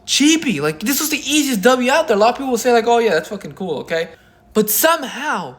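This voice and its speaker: A man's voice: very high voice, a bit bright. A man giving a profane, mocking, rambling commentary rant. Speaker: commentary YouTuber. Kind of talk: reaction commentary.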